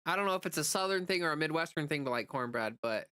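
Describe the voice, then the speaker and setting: A woman's voice: low voice, animated, quick pace, bright, forceful tone, clean tone, no room sound. A woman streamer in casual live chat, answering chat messages in a chatty way with lots of "like" fillers.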